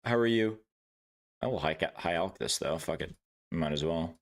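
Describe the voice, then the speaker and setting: Laid-back low-voiced male streamer. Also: moderate pace. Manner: laid-back, swears often, laughs and greets chat viewers. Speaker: livestreamer. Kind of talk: casual gameplay livestream chat.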